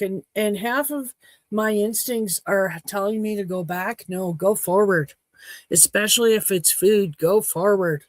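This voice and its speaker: A woman hosting a casual home livestream, talking slowly in a rambling, frank way. Her voice is a little hoarse and sits in a middle register. The sound is dry and close, with no room around it. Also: medium pitch, dry recording. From Saskatchewan, Canada. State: slightly hoarse throat after choking. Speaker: livestream host. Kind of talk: casual chat to a live audience.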